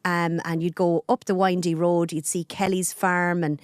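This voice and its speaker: A woman's voice: lowish voice, flat delivery, clean tone, no room sound, studio quality. A woman in her forties with a Carlow Irish accent, chatting as a guest on a podcast. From Ireland. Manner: chatty, talks fast with her hands. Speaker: guest, journalist and radio presenter. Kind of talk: casual podcast interview.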